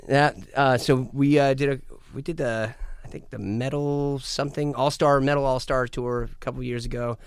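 A man, a musician guest, telling stories in casual chat, animated and swearing, acting out quoted lines. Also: mid-range voice, moderate pace, hardly any pauses, clear, resonant tone, no echo. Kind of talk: casual storytelling.

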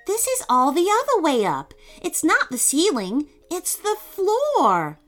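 Eine Frau spielt ein aufgewecktes Mädchen. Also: female voice, very high-pitched, wildly swooping pitch, slow, a bit bright, faint music behind, pitched above the performer's own voice, exaggerated voice. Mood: eager. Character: clever, eager young girl explorer.

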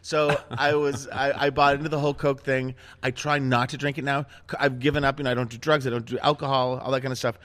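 A middle-aged man hosting a casual chat, telling self-mocking stories in a lively, animated way. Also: medium pitch, quick pace, hardly any pauses. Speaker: host.

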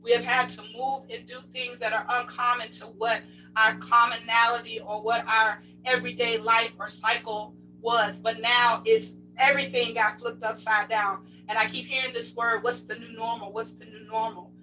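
A woman's voice: a little high, flat delivery, moderate pace, pushed and bright, soft background music, poor audio. A woman sports chaplain preaching a fervent sermon, reading scripture aloud and swelling and dropping in volume.

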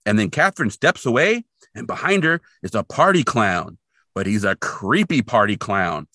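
Man, podcast co-host, lively up-and-down delivery, rambling episode recap, dry close mic. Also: lowish voice, normal speed, no echo. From Portland, Oregon resident since 2003. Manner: rambling, lively retelling with fillers. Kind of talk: casual episode recap chat.

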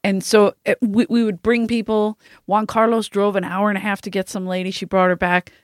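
A woman's voice: medium pitch, flat delivery, brisk, no echo, clean studio sound. A woman in casual chat, reacting with exclamations and telling her side of shared memories.

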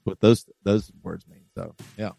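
A male podcast host talks in loose, jokey banter and keeps breaking into laughter. His voice sits fairly low. He is recorded close and dry, with no room sound. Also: steady tone, a little slow, vocal fry, dark tone, no room sound, faint music behind. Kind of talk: casual podcast chat.

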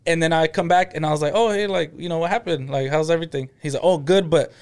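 A man's voice: fairly high pitch, steady tone, fast, smooth. A man co-hosting a podcast, telling laid-back stories in casual chat. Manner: laid-back storytelling with laughs and agreeing interjections. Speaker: podcast co-host.

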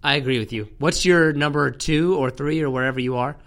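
A man's voice: fairly high pitch, a little fast, fairly bright tone. A man hosting a casual podcast chat with a dry, teasing manner.

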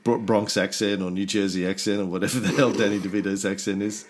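A man's voice: lowish voice, fairly even intonation, quick pace, slight background noise. A man hosting a podcast in casual chat, rambling and laid-back, swearing now and then. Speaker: podcast host.

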